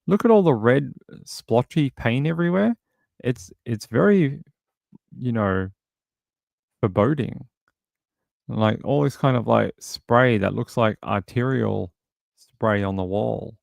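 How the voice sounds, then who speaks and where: A man's voice: medium pitch, slow pace, vocal fry, long pauses, a little mellow, no room sound, clean studio sound. A man casually commenting on a true crime case during a livestream, reading and answering chat, rambling with lots of fillers. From outside the US. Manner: rambling, many fillers and restarts.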